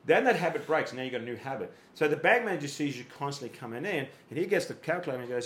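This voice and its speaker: Speaking fast with few pauses, this man has a medium-pitched, fairly bright, animated voice. He's a fitness coach explaining ideas on a podcast with everyday analogies and little acted-out quotes, repeating words as he thinks, recorded in an echoey room.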